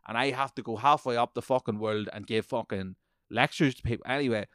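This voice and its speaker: Brisk and medium-pitched with a slightly bright edge, this man hosts a podcast and rants through a profanity-heavy, heated story. It's recorded in a clean studio with no echo.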